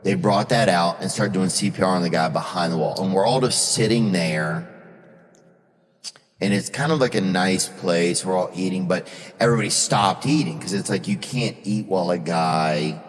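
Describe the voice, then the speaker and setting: A man's voice: deep voice, normal speed, big-room sound. A man hosting a podcast, telling a rambling story in casual chat and swearing freely. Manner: rambling, drawling storyteller who swears a lot. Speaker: podcast host.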